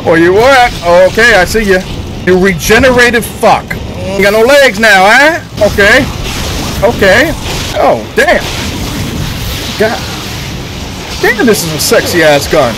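A young man giving loud, excitable, profane live commentary while playing a game on a headset, laughing often. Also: high-pitched, measured pace, over music. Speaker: gaming streamer.

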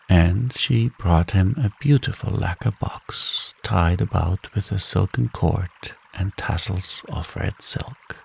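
A man narrating a fairy tale as a calm, slow, soothing bedtime story reading. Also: deep voice, vocal fry, a little hiss or hum, low-quality recording.

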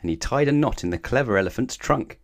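A man reading a children's storybook aloud in an expressive, sing-song way. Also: medium pitch, quick pace.

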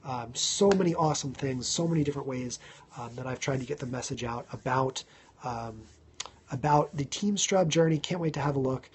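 A faint hiss or hum accompanies this medium-pitched man in his thirties as he runs a relaxed live stream. He talks to viewers, thanks each by name and uses ums to fill pauses.

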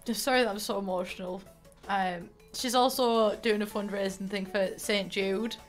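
A woman streamer signs off with casual, rambling chat, her mid-range voice fairly even in intonation and normal in speed. Emotional to the point of tears, she teases herself and often starts over mid-thought, with soft game music in the background.

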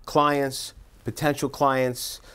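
An upbeat man hosts a promotional interview in a studio, with a voice of middling pitch. He asks a guest questions at an easy, friendly pace. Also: level tone, very slow, a bit bright, clean tone. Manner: upbeat, pitch climbs high on the closing phone-number plug. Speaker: interview host.

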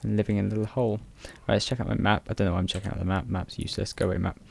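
A man's voice: fairly low pitch, fairly even intonation, very fast, creaky. A young man hosting his own game video, chatty, self-mocking and sweary as he narrates what he does. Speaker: gaming video host. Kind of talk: casual game commentary.

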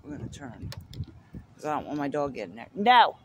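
A man's voice: medium pitch, quick pace. A man from Florida chatting casually to the camera while riding through his neighborhood streets. He giggles often and keeps talking to his dog along the way. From Florida, USA. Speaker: artist vlogger. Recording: loud outdoor noise and traffic. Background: outdoor ambience, vehicles, birds.

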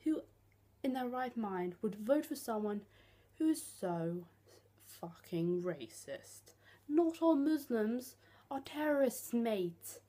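A young woman rants bluntly to camera, sarcastic and swearing freely. Her voice sits slightly high, with a husky edge and a mellow, dark tone. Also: expressive, slow. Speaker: vlogger. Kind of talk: ranting vlog.

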